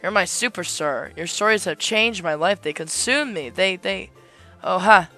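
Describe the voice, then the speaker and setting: A man voicing a towering, obsessive knight who gushes over his idol and keeps trying to calm himself. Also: sits high, normal speed, soft background music, heavily acted. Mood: gushing. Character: towering male knight-fan, obsessive, axe-wielding, twitchy.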